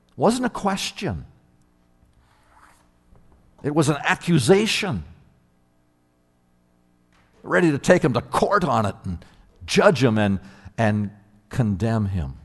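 A man preaching a sermon, emphatic and animated, often repeating words as he builds his point. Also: mid-range voice, slow pace, long pauses, slightly rough. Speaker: pastor. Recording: long hall reverb.

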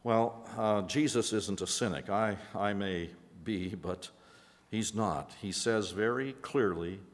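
A man delivers a sermon from the pulpit in a conversational way, stumbling over repeated words and then pressing key phrases with slow emphasis. His pitch swings widely as he preaches. The sound carries the long reverb of a church sanctuary. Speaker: pastor.

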